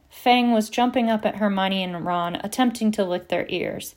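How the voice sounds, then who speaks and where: A woman narrating an audiobook at a steady pace and doing voices for the characters. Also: mid-range voice, normal speed, few pauses. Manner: steady storytelling, reads several voices. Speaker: audiobook reader.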